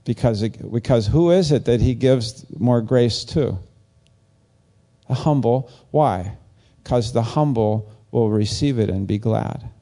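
Gravelly, slow-talking man preaching casually. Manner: animated, rambling, acts out quoted lines in a higher voice. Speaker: pastor. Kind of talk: casual conversational sermon.

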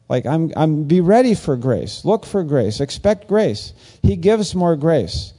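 Rambling and animated, this preacher talks slowly in a relaxed, conversational sermon, his voice gravelly with a dark, mellow tone. When quoting other people, he acts their lines out in higher, livelier voices.

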